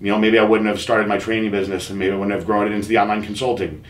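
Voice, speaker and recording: A man hosting a podcast, telling a personal story in an earnest, halting way with many fillers and restarts. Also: on the low side, flat delivery, echoey room. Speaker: podcast host.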